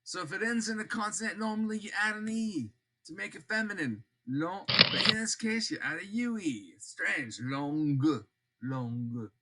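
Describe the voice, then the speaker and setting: An older man teaching a French grammar lesson, slowly repeating example words and dropping in joking asides. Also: high voice, lively intonation. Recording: loud background noise.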